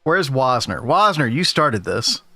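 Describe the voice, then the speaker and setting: Man, streamer, playful banter, self-mocking, lively pitch, dry sound. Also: measured pace, no echo. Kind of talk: casual gameplay stream chat.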